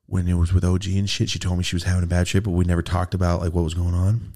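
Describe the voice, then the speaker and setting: Picture a man with a fairly low voice hosting a loose podcast. He tells a rambling, profane story, drops into hushed asides, then bursts into loud, high-pitched quotes. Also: fast talker. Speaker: podcast host. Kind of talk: casual podcast chat.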